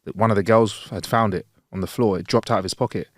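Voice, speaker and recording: Man, lowish voice, animated storyteller, dry close sound. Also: fast, dry recording. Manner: animated, swears freely, acts out the people in his story. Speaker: podcast co-host. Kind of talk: casual storytelling chat.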